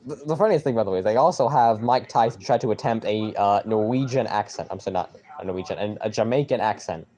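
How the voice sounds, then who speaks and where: A young man streaming live, rambling excitedly and with mild swearing as he reacts to a football game. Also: lowish voice, fast, hardly any pauses.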